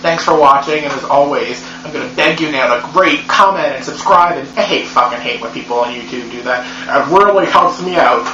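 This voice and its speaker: A man's voice: medium pitch, brisk, hardly any pauses, pushed and bright. A man giving a comedic movie recap in a profane, sarcastic, rambling way. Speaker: movie reviewer. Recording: echoey room, dull lo-fi sound with hum.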